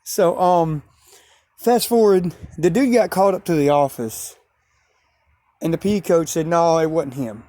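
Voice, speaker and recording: A man's voice: sits high, expressive, unhurried, long pauses, dark tone, no room sound. A man telling a rambling, repetitive story outdoors at night, with sudden emphatic rises. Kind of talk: casual storytelling vlog.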